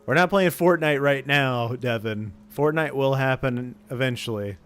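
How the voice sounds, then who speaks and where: A man's voice: mid-range voice, normal speed, a bit bright, smooth. A man streaming live, chatting goofily with his viewers and laughing often. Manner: goofy, laughs a lot, chats with viewers. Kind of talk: casual live-stream chat.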